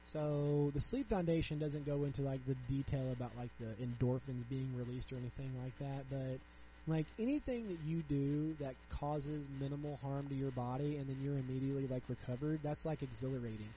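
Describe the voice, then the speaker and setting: Chatty young dad podcasting solo. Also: male voice, medium pitch, steady tone, brisk, mellow, a little hiss or hum, poor audio. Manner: chatty, frequent "like", reads articles aloud then riffs. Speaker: podcast host. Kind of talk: casual solo podcast commentary.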